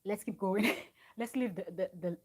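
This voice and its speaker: On a home live stream, a woman recaps a reality show, chatting and wandering off topic with asides to her viewers. Her mid-range voice moves at a normal speed through a live-stream mic.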